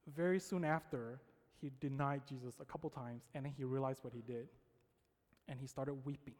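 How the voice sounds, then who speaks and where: A man preaching a sermon, telling a personal story with lively quoted voices and frequent check-ins with his audience. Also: medium pitch, normal speed. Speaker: pastor. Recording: long hall reverb.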